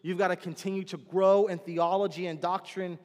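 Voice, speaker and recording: A man's voice: high-pitched, flat delivery, moderate pace, darkish tone, in a large hall. A man preaching a sermon as pastor, telling stories animatedly and acting out the voices of the people in them.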